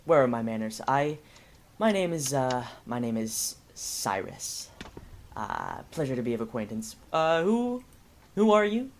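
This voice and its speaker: A man's voice: medium pitch, very animated, unhurried, slight background noise. A man doing an overly courteous human guide who trips over his own words. He sounds eager to please and a little flustered, in a tabletop game scene. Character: polite, flustered adult human guide, male.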